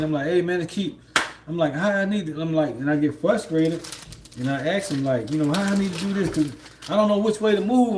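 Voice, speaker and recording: A man's voice: on the high side, darkish tone, slight background noise. A man, livestreaming from home, rambling in a laid-back way with lots of fillers and laughs. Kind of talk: casual spiritual monologue.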